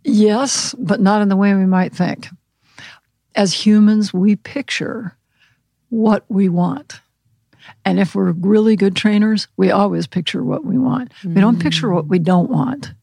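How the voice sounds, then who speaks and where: Gravelly-voiced woman explaining calmly. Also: mid-range voice, measured pace, no echo. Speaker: animal communication counselor. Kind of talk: podcast interview answers.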